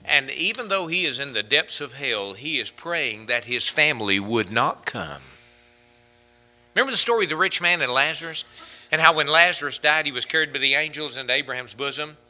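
A man's voice: mid-range voice, animated, a little fast, bright, forceful tone. A man preaching a sermon from the pulpit, rising to fervent, emphatic peaks as he drives his points home. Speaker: pastor.

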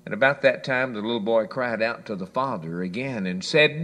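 A man preaching a sermon, telling folksy stories and quoting scripture, dropping low for quiet asides. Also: normal speed, hardly any pauses. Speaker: pastor.

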